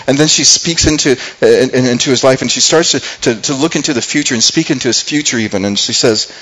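A man's voice: medium pitch, fast, fairly bright tone, rough recording. A man preaching a sermon, retelling a scripture story in casual everyday speech, earnest and full of restarts. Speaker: pastor.

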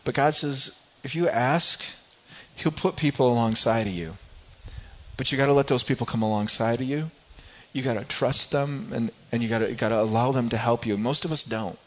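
A man's voice: mid-range voice, lo-fi sound. A man preaching a sermon as a pastor, earnest and asking rhetorical questions.

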